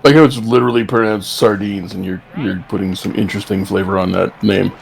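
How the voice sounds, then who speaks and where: A man's voice: lowish voice, steady tone, quick pace, gravelly, a little hiss or hum. A man joining as guest co-commentator, bantering casually and teasing the host in a wry way.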